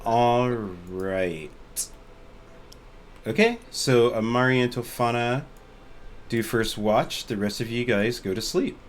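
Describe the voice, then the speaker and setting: A man's voice: mid-range voice, slow, long pauses, slight background noise. A man running a tabletop game over a voice call, narrating casually with lots of filler words. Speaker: game master. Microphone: computer mic on a voice call.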